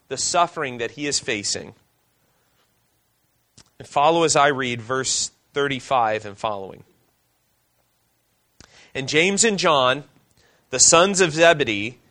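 A male pastor preaching a sermon, reading scripture aloud and asking the congregation questions, slowing down for emphasis. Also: a little high, bright, forceful tone.

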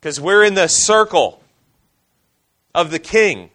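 Pastor preaching, slightly high voice. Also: male voice, sing-song, takes it slowly, pushed and bright. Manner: reads scripture aloud, then asks the congregation questions. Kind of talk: sermon.

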